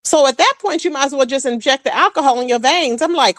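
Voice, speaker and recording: A woman's voice: high-pitched, fast talker, dry recording. A woman hosting a casual livestream, sassily commenting on reality-show gossip and greeting chat viewers. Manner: sassy, animated, talks straight to chat viewers. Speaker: livestream host.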